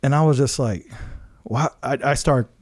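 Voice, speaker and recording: Animated man telling a personal story. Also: medium pitch, normal speed. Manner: animated, laughs often, acts out quotes; many fillers and restarts. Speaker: podcast host telling his story. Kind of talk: casual storytelling.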